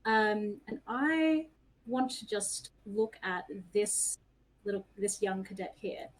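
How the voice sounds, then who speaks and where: A woman player chats through her character's moves in a self-deprecating way. Her voice sits at a middle pitch. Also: animated, slow, poor audio. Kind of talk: tabletop game play.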